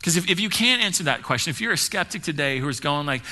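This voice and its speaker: A young man from the United States preaches at a live-streamed church service. His voice sits slightly high and has a sharp, very bright edge. He talks fast and keeps restarting and repeating words as he pushes ahead. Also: lively intonation. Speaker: pastor. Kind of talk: sermon.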